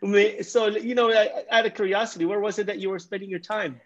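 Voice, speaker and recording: A man's voice: high-pitched, fairly even intonation, quick pace, fairly bright tone, dull audio. A man hosting a podcast interview, chatty and enthusiastic. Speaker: podcast host. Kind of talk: podcast interview, scripted intro.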